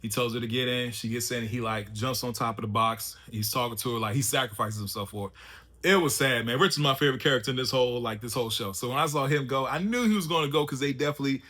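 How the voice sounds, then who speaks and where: Bright-voiced man recapping a show casually. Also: mid-range voice, quick pace. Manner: loose and chatty, slangy, many fillers like "you know" and "man". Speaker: TV show reviewer. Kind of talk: casual spoken episode recap.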